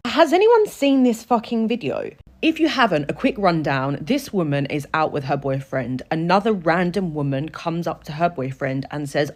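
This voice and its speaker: A woman's voice: fairly low pitch, sing-song, normal speed. A woman giving blunt, heated commentary on a viral video, swearing freely. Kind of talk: reaction commentary.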